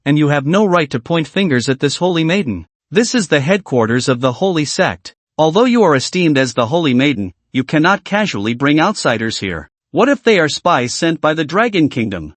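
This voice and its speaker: Man reading stern young holy maiden, scolding, fake anger, slightly high, dry. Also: big pitch swings, a little fast, few pauses, no echo.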